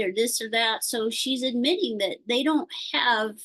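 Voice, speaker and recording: A woman chatting casually on a video call, telling a worried story in a rambling, halting way with many fillers. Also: a little high, a bit bright, poor audio. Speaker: participant sharing a concern.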